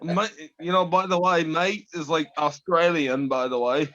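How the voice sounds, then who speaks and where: A man's voice: a little high, steady tone, measured pace, a bit bright, dry recording. A man co-hosting a podcast, teasing and swearing bluntly in casual banter over a call. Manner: blunt, combative, swears a lot. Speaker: podcast co-host. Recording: dull lo-fi call audio.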